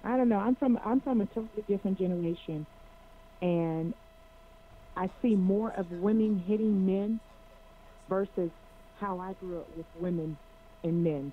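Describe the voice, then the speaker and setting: A woman co-hosting a talk show, answering calmly and briefly, mostly agreeing. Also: mid-range voice, normal speed, phone-quality sound, slight background noise. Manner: calm, brief agreeing replies. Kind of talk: casual talk show chat.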